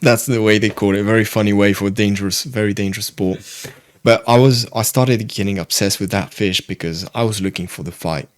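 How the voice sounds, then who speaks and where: A young man from France with a French accent, telling a fishing story as a guest in a casual, animated chat. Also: on the low side, a little fast, no echo, studio quality. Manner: animated storyteller, loose and chatty.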